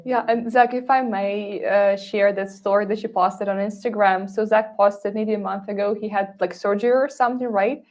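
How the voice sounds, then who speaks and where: A woman's voice: on the high side, a little mellow. A woman with a Ukrainian accent moderating a panel discussion. She talks chattily, with many fillers.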